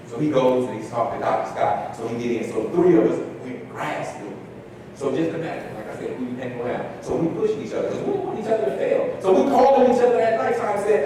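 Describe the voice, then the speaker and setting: A man's voice: on the high side, a little fast, noisy background. A man giving a talk, telling a personal story and acting out the voices of the people in it. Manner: animated storyteller acting out dialogue. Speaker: speaker. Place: large hall. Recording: echoey hall recording from far off.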